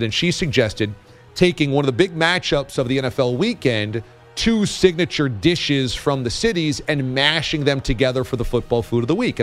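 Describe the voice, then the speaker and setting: A man hosting a radio talk show, telling a story in a playful way. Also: medium pitch. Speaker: podcast host. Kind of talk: casual radio chat.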